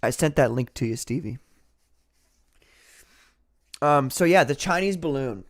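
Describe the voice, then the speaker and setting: A man's voice: mid-range voice, animated, a little slow. A man hosting a casual livestream, rambling and sarcastic, often breaking into laughter. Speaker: livestream host.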